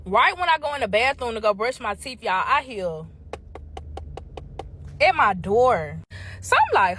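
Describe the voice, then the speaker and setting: A woman's voice: fairly high pitch, very animated, unhurried, pauses often, fairly bright tone, a little hiss or hum. A woman telling a story in a casual vlog, chatty and profane, speaking straight to her viewers.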